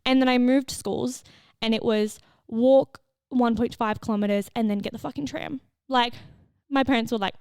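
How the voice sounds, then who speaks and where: A woman's voice: on the high side, normal speed, creaky, darkish tone, clean tone, no room sound, studio quality. Chatty young woman hosting a podcast. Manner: candid and chatty, swears freely, laughs often. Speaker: podcast host and fitness coach. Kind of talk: casual solo podcast chat.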